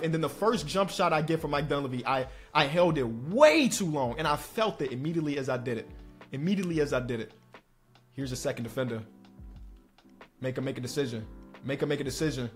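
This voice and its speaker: A young man giving excitable live commentary while playing a basketball video game, swinging between hyped shouts and quiet muttering. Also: mid-range voice, a little fast, soft background music. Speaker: gaming streamer.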